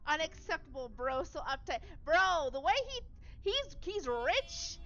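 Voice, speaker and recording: A young woman with a high voice reads a story game aloud and chats casually in slang, coaxing her cat in baby talk. Her mic sounds slightly muffled, and faint music plays under her. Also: sing-song, a little slow, fairly bright tone. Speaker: streamer. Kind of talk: game playthrough with reading and chat.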